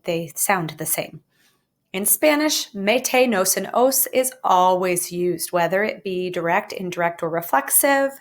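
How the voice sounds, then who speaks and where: Lively woman teaching a lesson. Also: on the low side. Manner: lively, jokey explaining with playful asides. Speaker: Spanish teacher. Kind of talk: recorded video lesson.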